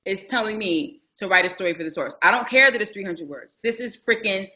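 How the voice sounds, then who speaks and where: A woman from New Jersey, a guest author telling animated stories in a podcast interview, acting out the people she quotes. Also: medium pitch, brisk, highs cut off. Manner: lively anecdotes, acts out quoted speech.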